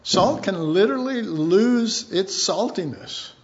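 A man preaching in a folksy, rambling sermon. His voice sits high for a man and he talks slowly and unhurriedly. The recording sounds dull and lo-fi. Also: animated. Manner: rambling, folksy, chuckles often. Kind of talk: informal sermon.

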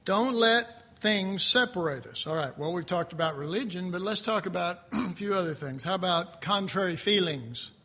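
High, bright-voiced man preaching. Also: moderate pace, hardly any pauses. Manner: earnest, animated, frequently clears throat. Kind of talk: conversational Bible teaching.

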